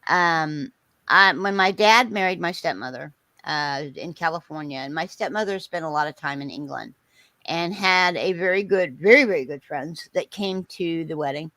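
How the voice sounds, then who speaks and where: A woman's voice: deep voice, normal speed, no room sound, poor audio. Chatty woman telling a funny story. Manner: animated storyteller, acts out quotes, laughs often. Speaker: host. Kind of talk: casual storytelling chat.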